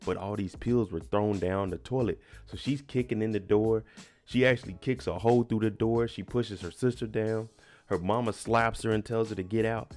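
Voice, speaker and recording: A man's voice: fairly low pitch, fairly even intonation, normal speed, darkish tone, soft background music. A man casually recapping a TV episode, retelling it emphatically with slang. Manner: chatty, emphatic retelling with slang and little laughs. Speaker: TV recap host.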